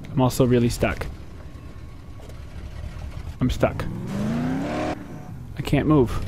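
A young man commentating his gameplay, jumpy and talking back at the game, yelping and shouting at times. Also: medium pitch. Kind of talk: let's play commentary. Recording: noisy game audio underneath.

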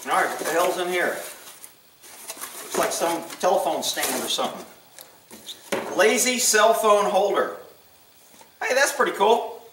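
A man's voice: high voice, unhurried, long pauses, far from the mic. A man opening gifts on camera, muttering to himself and swearing freely as he goes. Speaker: channel host opening gifts. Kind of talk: casual unboxing chat. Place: room at home with a table. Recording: echoey room, voice off-mic, faint noise.

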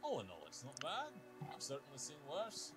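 In a video game, a male actor plays a wry bartender applicant and self-proclaimed adventurer, delivering tall tales in a dry, storytelling manner. His mid-range voice swings hugely in pitch at a moderate pace, with music in the background.

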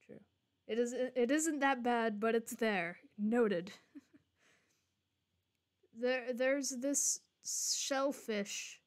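A young woman streaming a game live, chatting and swearing casually to her viewers as she plays. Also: a little high. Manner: swearing, chatty, joking to chat.

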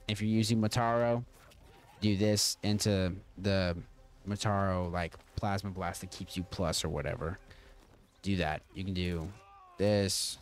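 A man's voice: sits low, steady tone, a little slow. A man hosting a casual video game tutorial, rambling and stop-start with lots of fillers. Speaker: gaming channel host.

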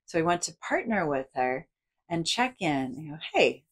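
A woman's voice: low-pitched, very animated, normal speed. A woman psychologist giving a guided psychoeducation lesson, acting out inner thoughts with big, playful inflections. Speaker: psychologist and educator.

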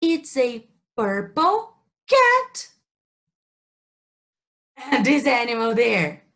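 Slow sing-song Brazilian woman teacher. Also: on the high side, sing-song, a bit bright. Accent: Brazilian Portuguese. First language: Portuguese. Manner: slow, exaggerated sing-song questioning for kids. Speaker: English teacher. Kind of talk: children's story time lesson.

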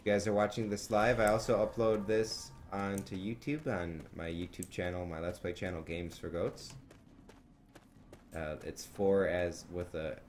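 A man's voice: low voice, steady tone, measured pace. Swearing young male gamer streaming live. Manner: frustrated, swearing, yelling in bursts at the game. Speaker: let's play streamer. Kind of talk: live gameplay commentary.

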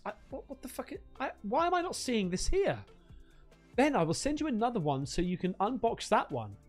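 Guy streamer, lively up-and-down delivery, excitable and sweary, faint music underneath. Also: very high-pitched. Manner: excitable, sweary, calls everyone mate. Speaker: livestreamer. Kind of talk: live stream, thanking donors and unboxing gifts.

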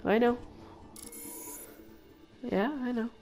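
A woman giving chatty, excitable commentary while playing a video game with friends. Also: a little high. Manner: excitable, chatty, quick to shriek. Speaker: gamer making a video with friends. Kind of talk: casual gameplay commentary. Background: game music.

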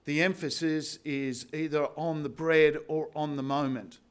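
A man preaching a sermon as pastor, slow and emphatic with repeated phrases. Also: on the high side, steady tone, smooth. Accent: Australian.

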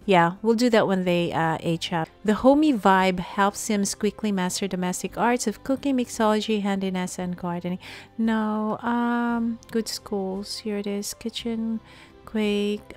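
A woman hosting a life-simulation gameplay video, chatting casually to viewers with lots of fillers and excited exclamations. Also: mid-range voice. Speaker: gaming video host.

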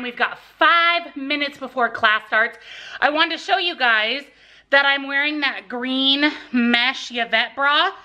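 A chatty woman in her thirties talks straight to her camera in a relaxed home vlog. Her voice sits a little on the high side, and her manner stays upbeat and friendly throughout. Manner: chatty and upbeat, talking to viewers. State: out of breath after a workout. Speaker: lifestyle vlogger. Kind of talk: casual vlog chat. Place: home garage and kitchen.

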